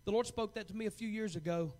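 A man in his forties, a pastor, preaches a fervent sermon in a high-pitched voice at a fast pace. He swings between hushed asides and loud, urgent calls.

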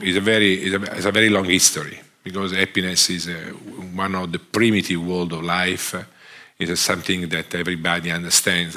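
Halting low-voiced man giving a talk. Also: pushed and bright. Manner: halting, many restarts and fillers. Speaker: invited speaker. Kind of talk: lecture talk.

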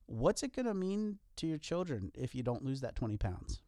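A man's voice: mid-range voice, big pitch swings, normal speed, warm tone, no echo, studio quality. A man co-hosting a podcast, talking earnestly in a casual motivational way with wry self-deprecating jokes. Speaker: podcast co-host.

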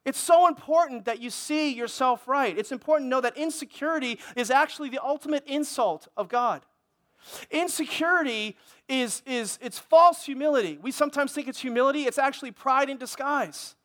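A middle-aged man preaches a sermon in an unusually high voice for a man. He delivers it with fervor and keeps asking his congregation for an amen. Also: fairly quick, a bit bright. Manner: impassioned, calls for amens from the congregation. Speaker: pastor.

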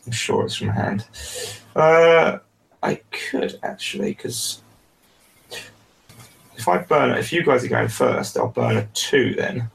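A man's voice: medium pitch, expressive, slow, gravelly, pauses often. A man playing in a tabletop game, talking casually in a joking, tentative way, recorded from a distance. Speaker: player. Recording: distant from the mic.

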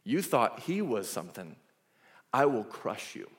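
A man's voice: mid-range voice, sing-song, measured pace. A man doing a scornful young king. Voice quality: boastful, scornful. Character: arrogant young male king, boastful and contemptuous.

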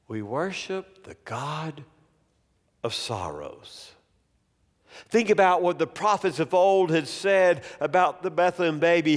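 A male preacher delivering a sermon slowly and emphatically, repeating key phrases for weight. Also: fairly high pitch, expressive. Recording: long hall reverb.

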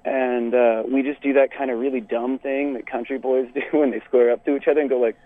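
A man's voice: medium pitch, a little fast. Man, tinny phone-like sound. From Texas. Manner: animated, laughs often, many fillers. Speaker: podcast co-host telling a story. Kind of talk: casual storytelling.

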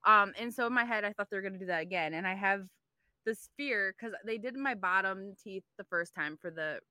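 Bright-voiced woman telling a story. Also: medium pitch, fairly quick, dry recording, studio quality. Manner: animated storyteller, swears freely, acts out dialogue. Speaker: podcast co-host. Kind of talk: casual chat.

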